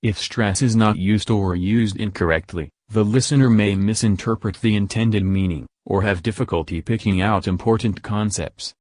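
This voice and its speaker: Male teacher, lowish voice, deliberate lesson narration, dry recording. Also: a little mellow, dry recording. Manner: slow, deliberate word-by-word emphasis on examples. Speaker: English teacher.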